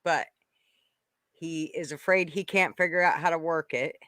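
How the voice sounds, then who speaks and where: A woman co-hosting a casual podcast, talking at an unhurried, drawn-out pace. Her voice is bright and forward, and she laughs often while teasing her co-host. The sound is dry and close. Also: low-pitched, dry recording.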